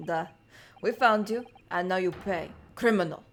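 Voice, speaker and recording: A woman's voice: on the low side, moderate pace, slight background noise, close to an everyday voice. A woman voicing a stern, accusing male Russian ship officer in broken English with a put-on Russian accent, reading game dialogue aloud. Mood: menacing.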